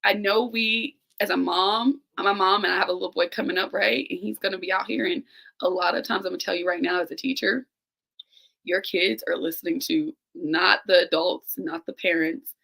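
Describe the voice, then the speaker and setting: A woman's voice: on the low side, steady tone, moderate pace, gravelly, fairly bright tone, poor audio. A woman in her thirties, a teacher and guest, speaking candidly and emotionally on a live-stream call, close to tears and talking straight to listeners. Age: 30s. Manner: earnest, emotional, addresses listeners directly. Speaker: guest, teacher and business owner. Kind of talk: candid personal conversation. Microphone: remote live-stream call.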